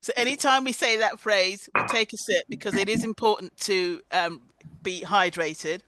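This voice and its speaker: A woman's voice: medium pitch, moderate pace, a bit bright, no echo. A woman hosting an online conference over a video call, chatty and prone to fits of laughter. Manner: giggly, keeps breaking into laughter. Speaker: conference host. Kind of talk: casual online presentation.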